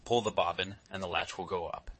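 A crafty, hungry wolf from a fairy tale, voiced by a man, low and forceful, drawing out his coaxing words. Every line sounds like a sly trick. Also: steady tone, fairly quick. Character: cunning hungry male wolf.

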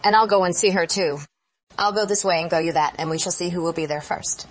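A woman voicing a big, wicked male wolf in a storybook reading, gruff and wheedling. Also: lowish voice, quick pace, natural voice, poor audio. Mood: sly.

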